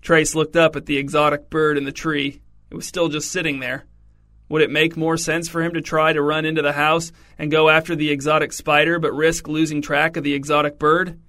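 Bright deadpan storytelling man. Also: fairly high pitch, brisk. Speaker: audiobook narrator. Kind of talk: scripted comic narration.

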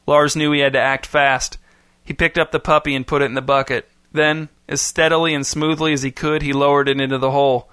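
A man reading a story aloud in steady, even scripted narration. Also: a little high, fairly quick, smooth, dry recording, clean studio sound.

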